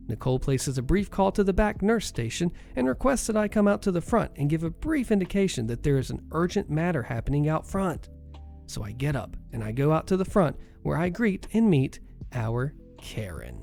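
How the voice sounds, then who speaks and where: A man narrating a first-person story in a steady retelling manner. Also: on the high side, normal speed, vocal fry, soft background music.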